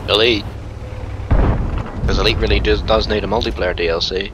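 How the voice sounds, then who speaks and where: A man's voice: on the low side, steady tone, moderate pace, background noise. A man chatting casually with friends while gaming, blunt and sarcastic. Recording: game audio and gunfire underneath.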